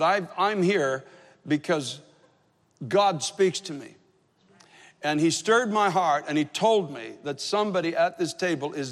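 A man preaching a sermon as pastor, telling a story in an earnest, emphatic way. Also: a little high. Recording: long hall reverb.

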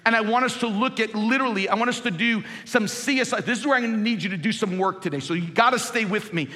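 A man in his forties preaching a sermon as pastor, emphatic and dramatic, dropping low and quiet for stories. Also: fast talker. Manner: emphatic preaching, swinging from loud highs to low storytelling. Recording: long hall reverb.

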